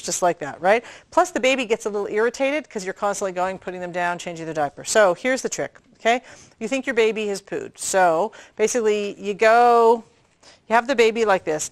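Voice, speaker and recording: A woman's voice: mid-range voice, dry recording. A woman midwife teaching a prenatal class, talking hands-on and checking in with her listeners. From Canada. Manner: chatty, demonstrative, often checking in with "okay?".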